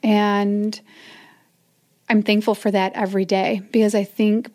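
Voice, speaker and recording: A woman's voice: mid-range voice, level tone, a little slow. A middle-aged woman, a mother of four, telling a personal story as an interview guest, often sinking to a near whisper. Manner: soft, often drops to a whisper.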